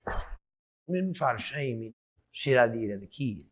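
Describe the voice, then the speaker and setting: Telling a story as an interview guest, this middle-aged man swears and gets heated, swinging from low muttering to shouting. His intonation is lively, though his pace stays measured.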